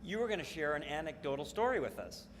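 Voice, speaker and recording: A man hosting a company event, making upbeat, brisk announcements to the audience. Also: on the high side, sing-song. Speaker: event host. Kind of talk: emcee announcements. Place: large event hall. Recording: echoey hall with crowd and faint noise.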